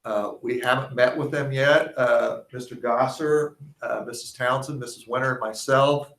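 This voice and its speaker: A man giving a superintendent's report at a school board meeting, speaking haltingly with frequent fillers. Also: mid-range voice, steady tone, creaky, fairly bright tone. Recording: echoey meeting room.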